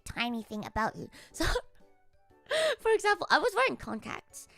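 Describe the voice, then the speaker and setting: High, lively woman streamer. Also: dry recording. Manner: animated, swears a lot, frequent laughter. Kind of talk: casual storytelling to chat.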